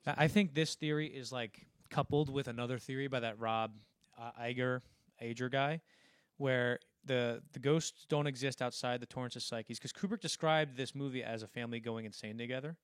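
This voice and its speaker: A man's voice: medium pitch, fairly even intonation, moderate pace, few pauses, dry recording, clean studio sound. A young man co-hosting a casual film podcast, animatedly retelling scenes in a rambling way full of restarts. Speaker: podcast co-host.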